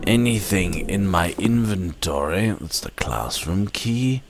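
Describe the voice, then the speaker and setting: A man's voice: sits low, lively intonation, takes it slowly, background noise. A man hosting a let's play, musing to himself as he casually comments on his gameplay. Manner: musing, talks to himself while playing.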